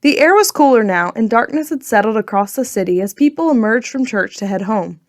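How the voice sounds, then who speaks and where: A woman narrating a children's storybook in a clear, gentle storytelling manner. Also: a little high, lively intonation, brisk, no room sound, studio quality. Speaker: audiobook narrator.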